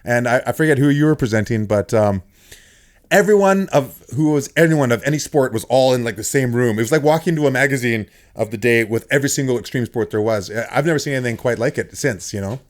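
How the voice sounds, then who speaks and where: A middle-aged man hosting a podcast, telling stories in a casual, animated way and laughing often. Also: medium pitch, quick pace. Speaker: podcast host. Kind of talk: casual storytelling chat.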